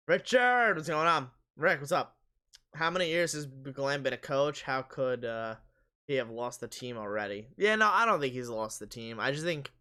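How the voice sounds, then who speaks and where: A man hosting a live sports stream, casually reading viewer comments aloud and answering them while his voice is going hoarse. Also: mid-range voice, sharp tone.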